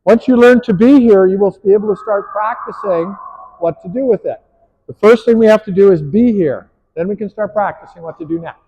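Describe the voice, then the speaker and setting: A man's voice: sits high, a little fast, warm tone, muffled recording. A man coaching players on the court, upbeat and encouraging as he calls out praise and instructions. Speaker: pickleball coach.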